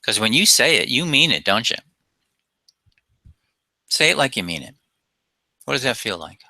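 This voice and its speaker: A man's voice: medium pitch, sing-song, normal speed, pushed and bright, no echo. A man presenting a self-help webinar as a coach, talking emphatically and asking rhetorical questions.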